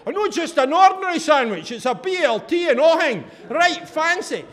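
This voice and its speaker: A man doing a loud brash Scottish woman. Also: very high-pitched, big pitch swings, normal speed, pitched above the performer's own voice, heavily acted. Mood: gossiping.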